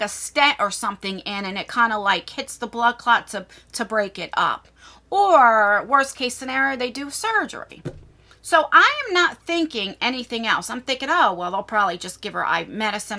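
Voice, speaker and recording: Bright-voiced woman telling an emotional story. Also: medium pitch. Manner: rambling, emotional retelling with many restarts. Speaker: vlogger.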